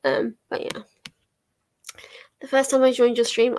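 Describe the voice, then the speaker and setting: Chatty young woman, fairly high voice. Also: flat delivery, measured pace, darkish tone. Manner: chatty, laughs often, swears casually. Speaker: livestream host. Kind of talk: casual chat while reading chat aloud. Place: home living room.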